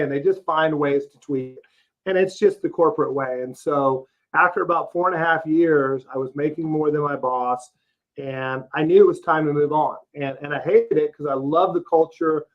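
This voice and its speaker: A Texan man in his fifties, his voice fairly high and at normal speed, is a roofing company CEO telling his career story as a guest in a casual interview. He's plain-spoken and folksy, with lots of "uh" and "you know." The podcast audio is slightly dull and lo-fi.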